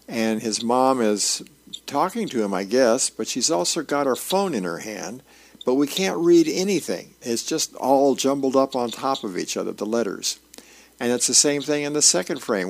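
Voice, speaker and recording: Gravelly man reading the paper aloud. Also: medium pitch. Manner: unhurried, homey reading with small fillers and restarts. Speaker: volunteer newspaper reader. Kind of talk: reading aloud for a radio reading service.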